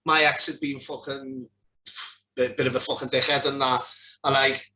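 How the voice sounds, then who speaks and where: A man's voice: medium pitch, little pitch movement, normal speed, pushed and bright. A man with a Liverpool accent in casual podcast chat, blunt and sweary, trailing off with "and that".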